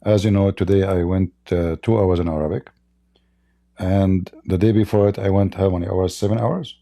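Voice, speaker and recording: A hoarse middle-aged man hosting a casual livestream chat. He mocks, chuckles often, and keeps coughing and clearing his throat as his voice gives out. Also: sits low, fairly even intonation, moderate pace, warm tone. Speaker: livestream debate host.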